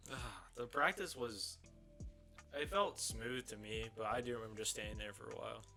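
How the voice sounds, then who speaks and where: A young man co-hosting a podcast, chatting easily and asking quick follow-up questions. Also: on the low side, vocal fry, pushed and bright, faint music behind. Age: young adult. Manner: easygoing, asks short follow-up questions. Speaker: podcast co-host. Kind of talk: casual chat.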